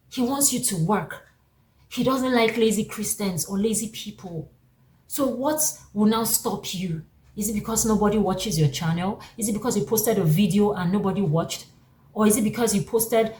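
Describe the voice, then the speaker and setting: Exhorting woman in an echoey room. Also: medium pitch. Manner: animated, exhorting, repeats phrases for emphasis. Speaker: Christian motivational speaker. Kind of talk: preaching-style motivational talk. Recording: echoey room, distant mic, faint background noise.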